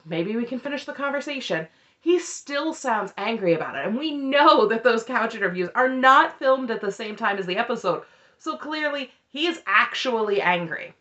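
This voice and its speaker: A woman's voice: medium pitch, fairly bright tone. A woman giving a casual, opinionated recap of a TV episode with a sarcastic, chatty manner. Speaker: recap commentator.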